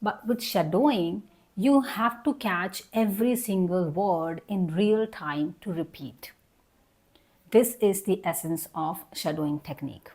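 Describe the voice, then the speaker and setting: A woman's voice: fairly low pitch, unhurried, darkish tone. A young adult woman teaching an online English lesson. She explains each point patiently, repeats herself and models example sentences.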